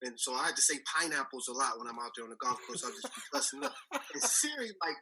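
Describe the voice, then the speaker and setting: A man's voice: mid-range voice, big pitch swings, fast talker, background noise. A man who is a regular on a radio talk show, telling stories in a laid-back way and laughing often. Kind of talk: casual radio banter.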